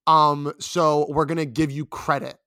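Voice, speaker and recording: A young man with a slightly high voice co-hosting a podcast. He rambles and complains, leaning on fillers. The recording is close and dry. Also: level tone, a little slow, pushed and bright, clean tone, no room sound. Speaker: podcast co-host. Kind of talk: casual podcast banter.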